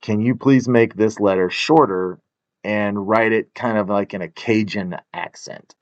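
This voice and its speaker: A man's voice: on the low side, measured pace, highs cut off. A man hosting a podcast in casual chat, playful and easygoing, laughing often. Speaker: podcast host.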